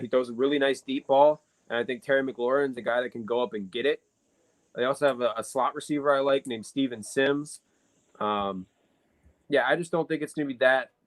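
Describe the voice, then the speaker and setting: A man's voice: mid-range voice, low-quality recording. A man co-hosting a casual sports podcast, analyzing football matchups at length with frequent fillers. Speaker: podcast co-host.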